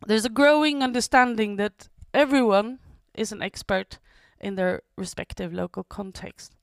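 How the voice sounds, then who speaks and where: Woman, medium pitch, deliberate speech pacing, dry close recording. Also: clear, resonant tone, dry recording. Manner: measured, deliberate delivery. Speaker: speaker and event moderator. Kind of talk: prepared speech.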